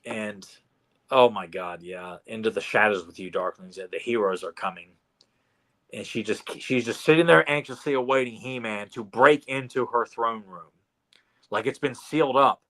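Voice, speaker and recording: A man co-hosting a podcast, recapping a cartoon in casual chat, animated and restarting often. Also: mid-range voice. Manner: animated, acts out quotes with many restarts. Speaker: podcast co-host.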